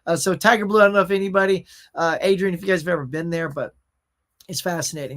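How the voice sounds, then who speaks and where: A man from Louisiana hosting a casual pop culture live stream, animated and jokey as he reads out viewer comments. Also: a little high, quick pace. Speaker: host.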